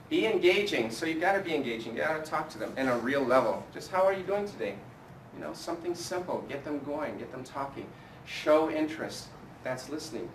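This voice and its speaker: Energetic man coaching a room. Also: mid-range voice, a little hiss or hum. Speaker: sales trainer. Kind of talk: live training talk to a room. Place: training room, in front of a group. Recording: echoey room from a distance with faint ambience.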